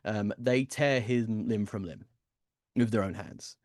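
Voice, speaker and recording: A man's voice: on the low side, unhurried, no echo, studio quality. A man giving a casual, rambling seminar lecture, with frequent ums and restarts.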